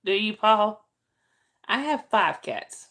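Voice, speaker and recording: A woman's voice: medium pitch, big pitch swings, slow, fairly bright tone. A middle-aged woman, hosting a casual livestream and chatting with viewers by name. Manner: chatty, greets viewers by name, answers chat questions. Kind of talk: casual live chat.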